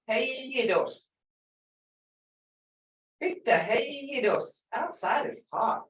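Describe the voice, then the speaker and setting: A woman's voice: a little high, lively intonation, takes it slowly. An older woman teaching a language lesson, stretching out example words for emphasis. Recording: echoey room, voice far from mic.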